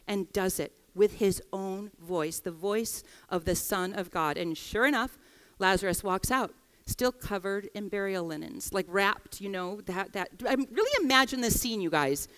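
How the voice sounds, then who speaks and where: Expressive woman preaching in a reverberant hall. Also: fairly high pitch, normal speed, clear, resonant tone. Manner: expressive, acts out quoted voices. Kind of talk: sermon. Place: church hall.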